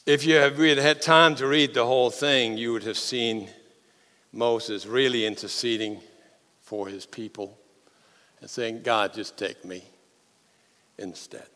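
A man, a pastor preaching a sermon, telling the story with animated swings from loud to hushed. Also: mid-range voice, a little slow, pauses often. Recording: long hall reverb.

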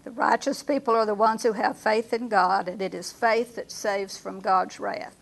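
A woman leading a Bible study class, reading verses slowly and asking her group questions. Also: medium pitch, steady tone, creaky.

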